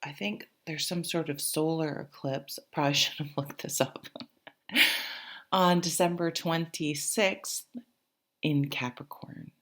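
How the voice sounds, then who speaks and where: A woman's voice: low-pitched, fairly even intonation, unhurried, a bit bright. A woman with a stuffy nose from a cold, giving a casual tarot reading and thinking aloud as she goes, with many fillers. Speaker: tarot reader.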